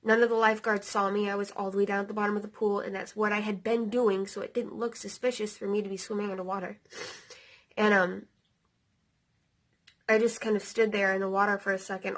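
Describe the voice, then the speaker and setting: A woman in her thirties tells a personal story straight to her audience, loose and chatty, with plenty of fillers and the odd curse. Her pitch sits in the middle for a woman. Feeling comes through as the story gets heavier. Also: level tone, fairly quick, fairly bright tone. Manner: casual, lots of fillers like "like" and "um", occasional swearing; emotional, near tears. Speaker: vlogger.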